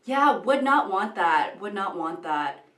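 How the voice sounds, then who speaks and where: Doing her makeup in a room at home, a woman vlogs casually with a mid-range, slightly bright voice that is very animated yet slow-paced. Chatty and rambling, she tells crude jokes and uses plenty of fillers. The camera mic is sometimes far from her, and the room echoes.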